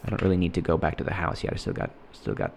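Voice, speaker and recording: Low-voiced guy chatting while he plays, halting and rambly, faint hum behind. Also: very animated, vocal fry. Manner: rambling, halting, many restarts. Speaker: gameplay commentator. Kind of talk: casual gameplay commentary.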